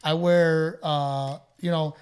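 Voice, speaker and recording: A Texan podcast host speaks slowly in a fairly high, clean voice with a steady tone. He chats casually, telling stories, quoting others and laughing often.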